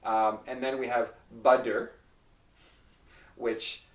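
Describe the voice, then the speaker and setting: A man teaching pronunciation. He explains patiently and repeats example phrases slowly and carefully. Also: medium pitch, sing-song. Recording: roomy echo, mic at a distance.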